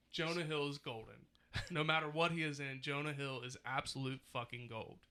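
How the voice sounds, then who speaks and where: A man's voice: a little high, steady tone, unhurried, pushed and bright. A man hosting a casual podcast chat, joking and laughing with his co-hosts. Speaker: podcast host.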